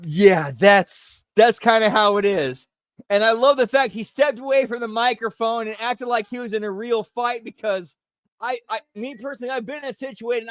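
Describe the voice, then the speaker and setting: A man hosting a stream, reacting to a clip with excited, swearing commentary. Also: extremely high pitch, no room sound, studio quality. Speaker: stream host.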